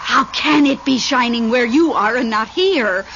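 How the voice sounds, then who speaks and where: An actress playing a lonely, nervy widow in an old radio drama, talking in a fretful, breathless way. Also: female voice, a little high, a little slow. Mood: frightened. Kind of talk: 1970s radio drama acting. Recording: muffled old radio broadcast, faint hiss.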